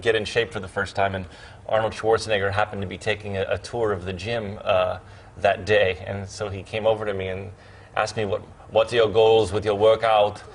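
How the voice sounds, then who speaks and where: A fairly low-voiced man in his thirties sits on a TV studio sofa, chatting as a guest. He stumbles and restarts often and laughs easily, over a faint hiss. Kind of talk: chatty TV interview.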